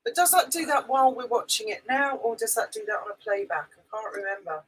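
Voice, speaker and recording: A woman's voice: a little high, animated, fast talker, crowd noise, low-quality recording. A woman co-hosting a casual live stream from a boat, wry and teasing in manner.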